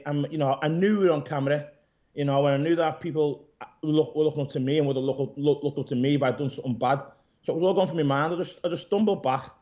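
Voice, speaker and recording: A man, an interview guest who owns a gym, retelling events in a rambling, animated way, swearing and calling people "mate". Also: fairly high pitch. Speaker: interview guest, gym owner and pro bodybuilder. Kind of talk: casual storytelling interview. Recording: dull lo-fi audio.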